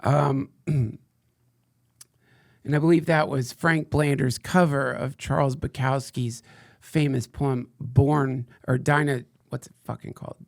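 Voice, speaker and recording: A man's voice: mid-range voice, steady tone, measured pace, creaky, no room sound, studio quality. A man hosting a podcast in casual chat, loose and meandering with playful jokes. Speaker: podcast host.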